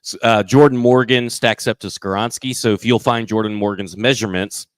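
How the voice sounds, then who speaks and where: A man's voice: lowish voice, fairly even intonation, fairly quick, dry recording. A man co-hosting a live football podcast, reeling off prospect measurements with eager enthusiasm and the odd stumble over his words. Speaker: sports podcast co-host. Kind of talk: casual live show chat.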